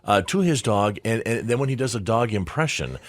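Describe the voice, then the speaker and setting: A man co-hosting a morning radio show, playful and a little halting, often repeating words as he poses questions. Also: on the low side, animated. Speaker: radio co-host. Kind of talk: casual radio chat.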